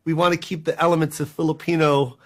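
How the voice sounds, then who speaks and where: Man, middle-aged, interview guest, animated storyteller, quick and laughing, fairly high voice. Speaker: interview guest, comedian and filmmaker. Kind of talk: casual interview chat.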